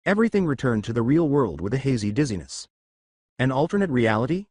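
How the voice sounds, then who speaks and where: A man giving a steady, scripted narration of a fan-written story. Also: mid-range voice, fast, no room sound, studio quality.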